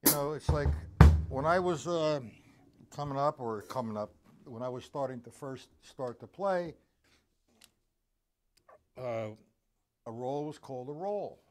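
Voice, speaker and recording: Slow, patient male drum teacher. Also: mid-range voice, animated, faint music behind. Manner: slow and patient, counting beats aloud. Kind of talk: live-streamed drum lesson.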